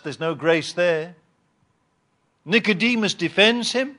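A man preaching a Bible teaching sermon, reading scripture and explaining it with emphatic rises and pauses. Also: fairly high pitch, a bit bright. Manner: reads scripture aloud and repeats words.

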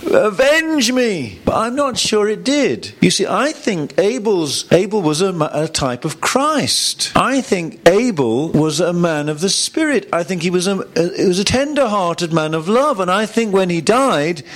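Animated preacher with lively pitch. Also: male voice, moderate pace, few pauses. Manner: animated, emphatic, with frequent restarts. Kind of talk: sermon. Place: church room with audience.

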